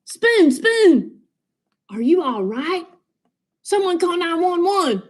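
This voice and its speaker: A woman voicing a quick-thinking male cat who sounds high, anxious and breathless in a storybook reading. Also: big pitch swings, a little mellow, heavily acted. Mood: worried.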